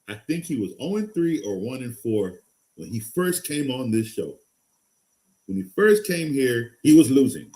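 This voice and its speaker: Excitable man hosting a live stream. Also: unhurried. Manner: excitable, loose and rambling, swings from loud hype to low muttering. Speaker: fantasy football show host. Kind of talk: casual live-stream talk.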